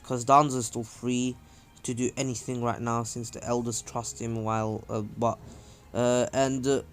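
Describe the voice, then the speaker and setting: A man casually telling a fan-fiction story, rambling with lots of fillers. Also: mid-range voice. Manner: rambling, many fillers and restarts.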